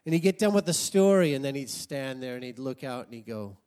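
An American man in his sixties telling a personal story as a sermon, animated and laughing often. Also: medium pitch, brisk. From United States. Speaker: preacher.

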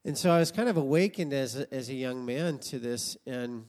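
An American man in his sixties telling a personal story as a sermon, animated and laughing often. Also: medium pitch, normal speed. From United States. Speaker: preacher.

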